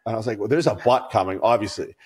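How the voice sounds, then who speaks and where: A man's voice: lowish voice, rapid-fire, darkish tone, slightly rough. A man co-hosting a podcast, telling stories in casual chat, rambling and swearing freely. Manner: profane, rambling storyteller. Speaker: podcast co-host.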